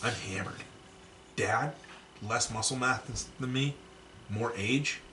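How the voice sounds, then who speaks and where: A man's voice: medium pitch, slow pace, recorded from a distance. A man co-hosting a podcast, telling stories in casual chat, profane and laughing often. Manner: animated, profane, laughs often, acts out quotes. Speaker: podcast co-host. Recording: roomy echo, a bit off-mic, faint background noise.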